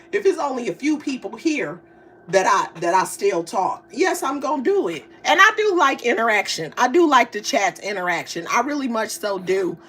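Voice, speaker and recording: A woman hosting a casual live stream, chatting with viewers and reading their comments aloud in a slangy, animated way. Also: lowish voice, a little hiss or hum. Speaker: livestream host.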